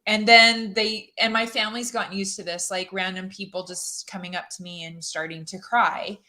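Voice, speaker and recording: A woman speaking as a guest on a podcast in an open, chatty way. Her pitch sits at an ordinary middle height for a woman. She laughs easily and often restarts her sentences as her thoughts come. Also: fairly even intonation, moderate pace, bright, forceful tone. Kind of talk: casual podcast chat.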